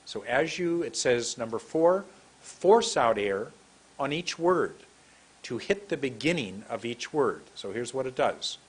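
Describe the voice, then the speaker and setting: A man from San Francisco teaching English pronunciation, repeating words slowly and deliberately. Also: medium pitch, very animated, slightly rough. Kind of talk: slow demonstrative lesson.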